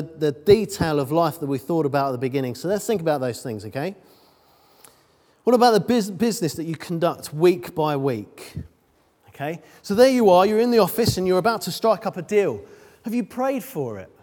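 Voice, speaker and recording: A man's voice: sits high, a little mellow. Guy preaching, chatty with lots of ums, voice jumps all over, big echoey church hall. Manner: conversational, self-deprecating asides, frequent ums. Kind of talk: sermon. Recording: long reverb of a large hall.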